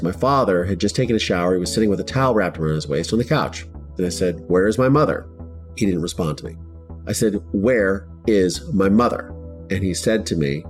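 Man, low-pitched, first-person storyteller; intense, blunt, profane; faint music underneath. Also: a little mellow. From Ohio. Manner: intense, blunt, swears freely. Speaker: podcast guest telling his story.

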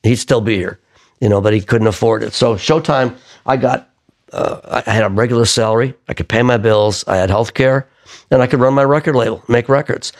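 An older man, a singer-songwriter, telling lively stories in an interview and acting out the voices of the people in them. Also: medium pitch, a little fast. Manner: lively raconteur who acts out quoted voices. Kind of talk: conversational storytelling interview.

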